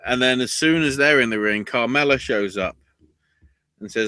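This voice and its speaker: A man hosting a podcast, recapping wrestling shows in casual chat, cursing freely and flaring up into loud outrage. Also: medium pitch, normal speed, smooth, no echo. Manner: profane, excitable, bursts into loud outrage. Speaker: podcast host.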